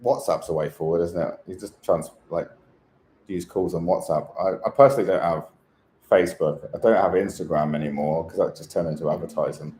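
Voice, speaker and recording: A man's voice: deep voice, fairly even intonation, a little fast, a little mellow. A man, talking casually into the camera in a chatty, wandering way, with lots of fillers and little chuckles. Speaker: vlogger. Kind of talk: casual rambling monologue. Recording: echoey room.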